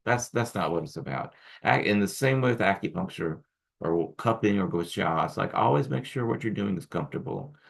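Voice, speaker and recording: Deep and a bit creaky, this man's voice moves briskly with lively intonation. He's an acupuncture instructor in a recorded lecture, teaching students casually and meandering through restarts and tangents.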